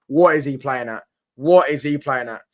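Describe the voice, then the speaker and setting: A man's voice: mid-range voice, moderate pace, darkish tone. A brash, sweary young man giving rambling reaction commentary on football. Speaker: football watchalong streamer.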